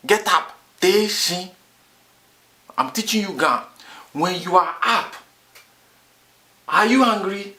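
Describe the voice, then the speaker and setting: Slow, bright-voiced man teaching words. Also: high voice. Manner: boastful, repeats words in drills. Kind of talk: comic language lesson.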